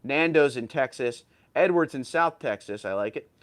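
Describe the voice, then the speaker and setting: A man's voice: medium pitch, expressive, normal speed. Tired man hosting a truck livestream. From New York. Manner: chatty, reads chat messages aloud and replies; tired from little sleep, stumbles over words. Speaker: livestream host reading viewer comments. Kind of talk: casual livestream chat.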